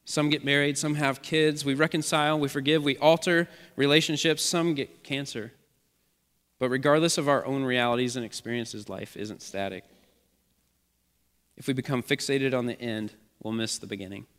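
A man's voice: mid-range voice, fairly even intonation, normal speed, a bit bright, long reverb tail. A man preaching a sermon as the church's pastor, speaking with an earnest, repetitive preaching cadence.

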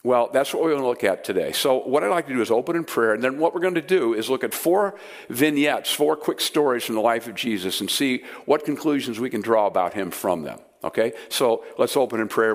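Animated conversational male preacher. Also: mid-range voice, brisk. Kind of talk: sermon teaching. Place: room with a live audience.

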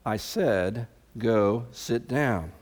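A man's voice: on the low side, lively intonation, very slow, a little mellow, pitched below the performer's own voice, exaggerated voice. A man voicing an exasperated mother who sternly scolds her son and repeats her orders.

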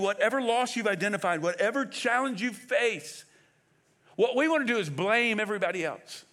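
A man preaching a sermon as pastor, emphatic and animated, firing off rhetorical questions. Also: high voice.

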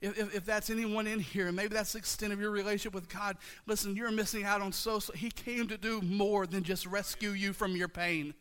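Male pastor preaching, high bright voice, rhythmic repetition, long hall reverb. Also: fairly even intonation, a little fast, hardly any pauses, clean tone. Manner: passionate, repetitive call-and-response preaching. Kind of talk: sermon. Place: church sanctuary.

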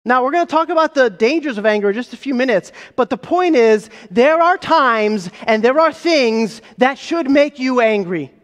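A man's voice: very high voice, animated, a bit bright. Male pastor, sermon, emphatic and rhetorical, long hall reverb. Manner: emphatic, rhetorical questions, slows for key phrases.

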